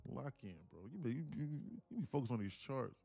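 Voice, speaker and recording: A man hosting a day trading livestream, talking in loose, joking, slang-heavy banter with quick restarts. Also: medium pitch, lively intonation, creaky, dark tone, slightly rough, soft background music. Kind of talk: casual livestream chat.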